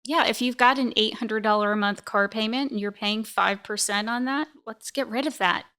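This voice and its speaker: A woman co-hosting a casual podcast as a financial planner. She chimes in with quick agreements and dry, joking asides. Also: a little high, sharp tone. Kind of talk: casual advisory podcast chat.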